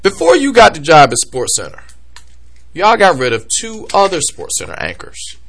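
A man hosting a podcast delivers a heated, comedic rant about sports coverage, animated and full of energy. His voice sits on the high side, at normal speed.

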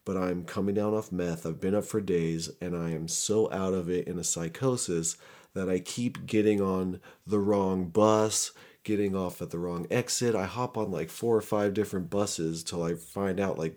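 Low-voiced young man telling a raw story. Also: moderate pace, a little mellow. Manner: candid, profane, rambling with restarts. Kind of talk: casual personal storytelling.

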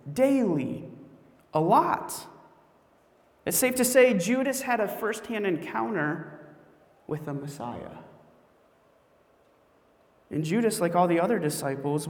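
A male pastor preaching a sermon in a conversational, storytelling way, with animated asides. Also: high-pitched. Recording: echoey hall with long reverb.

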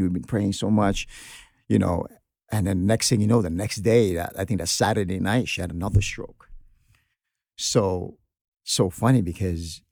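A man's voice: low voice, creaky, darkish tone, dry recording, clean studio sound. A man in an earnest, heartfelt podcast conversation, telling a personal story with many restarts. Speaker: guest sharing a personal story.

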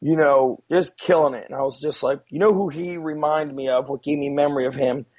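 A man's voice: a little high, steady tone, brisk, darkish tone. A man telling a story as a guest in a casual, rambling way, with many fillers and frequent swearing, on a dull lo-fi recording. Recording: dull lo-fi sound.

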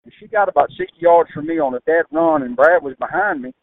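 A man with a Louisiana accent spins a folksy yarn, his fairly high voice swooping up and down and catching in a gravelly rasp. The sound is thin and tinny, like a phone line. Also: fast, slight background noise. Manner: animated, drawling, acts out voices in stories. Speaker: guest turkey hunter. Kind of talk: folksy storytelling.

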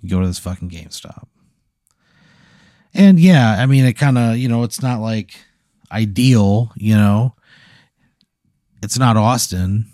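A man's voice: fairly low pitch, expressive, measured pace, pauses often, warm tone, dry recording, clean studio sound. A man hosting a podcast, improvising a rambling, profane comedy story full of fillers. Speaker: podcast host.

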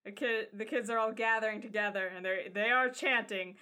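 A woman's voice: medium pitch, fairly even intonation, a little fast, hardly any pauses, pushed and bright. A woman narrating as game master of a tabletop game, rambling with many fillers and restarts.

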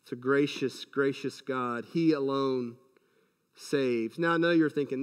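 A man's voice: medium pitch, unhurried, clean tone, long reverb tail. A man preaching a sermon as a pastor, emphatic and full of rhetorical questions.

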